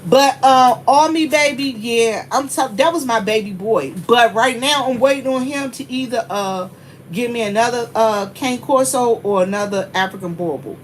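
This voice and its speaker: A woman's voice: a little high, moderate pace, a little hiss or hum. Chatty woman greeting viewers. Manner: chatty, talks straight to viewers and greets them by name. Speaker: livestream host. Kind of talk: casual livestream chat with viewers.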